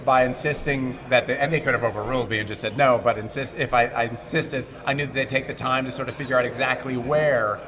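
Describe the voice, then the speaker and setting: A middle-aged man from Montreal, an actor being interviewed at a convention, who talks in casual animated stories, restarts his sentences and acts out the quotes. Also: mid-range voice, quick pace, hardly any pauses, crowd noise. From Montreal, Canada. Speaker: actor guest. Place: convention hall.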